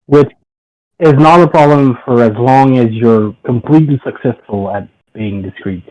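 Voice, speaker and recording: Mellow man on a dull lo-fi mic. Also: mid-range voice, moderate pace. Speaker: player.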